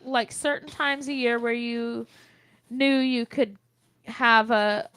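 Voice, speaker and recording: A woman's voice: a little high, steady tone, slow pace, fairly bright tone, clear, resonant tone, no room sound. A woman co-hosting a casual talk show, making blunt, matter-of-fact remarks. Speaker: co-host. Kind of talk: casual chat.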